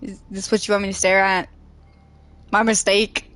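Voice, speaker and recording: A woman's voice: mid-range voice, flat delivery, moderate pace, fairly bright tone, no room sound, soft background music. Swearing woman gaming commentator. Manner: profane, muttering, exasperated. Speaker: let's player.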